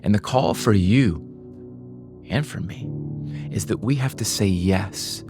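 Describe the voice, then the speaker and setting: Low-voiced impassioned male pastor. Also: slow, music in the background. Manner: impassioned, stumbles and repeats words. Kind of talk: sermon. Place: church.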